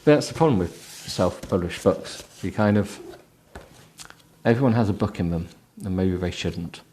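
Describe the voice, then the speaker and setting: A man's voice: deep voice, expressive, moderate pace, warm tone, slight background noise. A tired man reading a book aloud with sarcastic, mocking asides. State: tired, sleepy. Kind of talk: comic book reading with running commentary.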